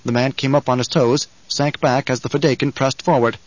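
A man reading scripted audiobook narration in a measured, dramatic way. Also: mid-range voice, steady tone, no echo, dull audio.

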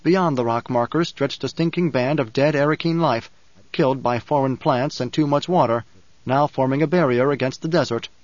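Measured male audiobook narrator. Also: medium pitch, no room sound. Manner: measured, even storytelling. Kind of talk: scripted narration. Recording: dry, slightly dull studio recording.

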